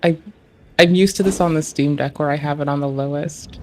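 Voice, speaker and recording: Creaky-voiced swearing streamer muttering. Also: medium pitch, brisk, darkish tone, slight background noise. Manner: swears a lot, mutters to self, asks the screen questions. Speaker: livestreamer. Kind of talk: casual live-stream commentary while adjusting game graphics settings.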